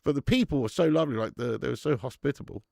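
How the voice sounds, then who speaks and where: A young man running a live football watch-along, swearing and chatting with viewers between bursts of excited commentary. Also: medium pitch, very fast, gravelly, dry recording, clean studio sound. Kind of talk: live match commentary and casual chat.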